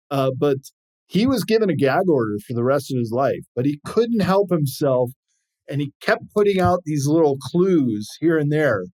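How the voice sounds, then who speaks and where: A man's voice: a little high, rough recording. A man, an explorer and author, telling stories as an interview guest and acting out quoted voices. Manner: animated storyteller, acts out quoted voices. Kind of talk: storytelling interview chat.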